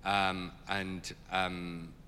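A man telling stories in an interview as a charity leader, animated and full of fillers. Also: sits low, very slow, long reverb tail, slight background noise. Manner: animated, lots of fillers, laughs as he tells it. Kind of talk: storytelling in an interview.

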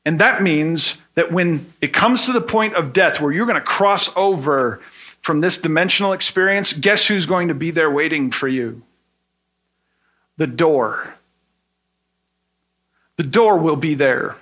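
Bright-voiced man preaching slowly. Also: a little high. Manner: earnest, explains with everyday examples; asks rhetorical questions. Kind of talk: sermon teaching.

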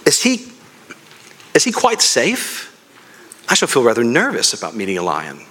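A man's voice: medium pitch, huge pitch swings, normal speed, bright, forceful tone, pitched below the performer's own voice. A man reading aloud the lines of a nervous young girl from a storybook, hesitant and stammering.

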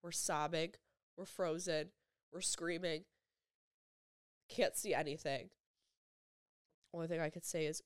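Low-voiced young woman telling a painful story. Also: fairly even intonation, smooth, no echo, clean studio sound. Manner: halting, emotional retelling with repeated phrases and many "like" fillers. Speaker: vlogger. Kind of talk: personal storytelling.

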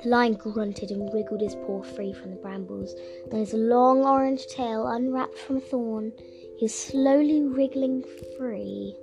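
A woman narrating a children's audiobook in a playful, expressive way. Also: on the high side, measured pace, vocal fry. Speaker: storyteller. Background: music.

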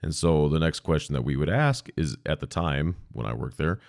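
A man's voice: a bass voice, expressive, moderate pace, vocal fry, a little mellow, no echo, studio quality. A man, a podcast host, telling a story about his old job in a candid, casual way with frank swearing. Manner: candid, profane, conversational. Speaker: podcast host, former 911 dispatcher.

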